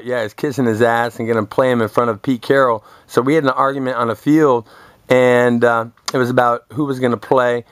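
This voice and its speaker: A man's voice: mid-range voice, no room sound. A young man telling crude, boastful stories in a rambling, confrontational rant full of swearing. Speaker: vlogger. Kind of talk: profane rambling monologue to camera.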